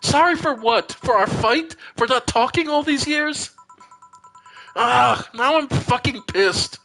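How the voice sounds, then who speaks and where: A streamer voicing a wry, tired woman bartender from a visual novel. She speaks in a bright, tense voice, quiet and halting. Faint game music plays underneath. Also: mid-range voice, lively intonation, poor audio. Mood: bitter, angry. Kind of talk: reading visual novel dialogue aloud.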